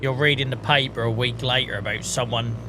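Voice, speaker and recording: With a medium-pitched, fairly even voice, this man talks fairly quickly over some background noise. He's streaming a farming game, joking around, swearing freely and chatting with his viewers in casual gameplay commentary.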